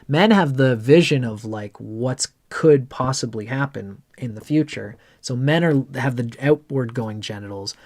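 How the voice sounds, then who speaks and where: Man, astrologer, livestream reading, blunt, rambling, casual swearing, middling pitch. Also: measured pace, few pauses, darkish tone. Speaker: astrologer giving chart readings.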